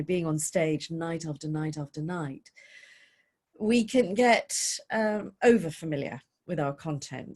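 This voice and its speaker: A British woman, a voice coach, giving expressive advice in a webinar question-and-answer session. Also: fairly low pitch.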